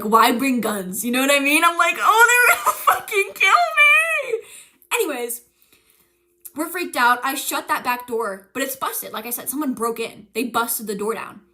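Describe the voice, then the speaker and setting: A young woman streamer tells a story in casual chat, swearing and staying animated while she performs the voices of the people she quotes. Her pitch is fairly high.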